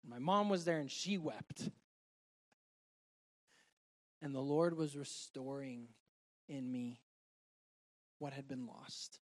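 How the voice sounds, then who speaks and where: Speaking with a medium pitch, a man gives a heartfelt, earnest sermon that includes his own testimony. His delivery shifts back and forth between loud and quiet.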